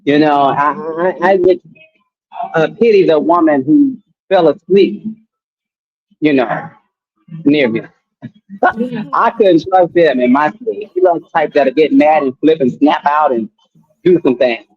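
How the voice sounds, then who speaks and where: A man's voice: fairly high pitch, measured pace, pauses often, slightly rough, no room sound, muffled recording. A man hosting a live talk stream, commenting bluntly and skeptically with laughing asides. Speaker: host.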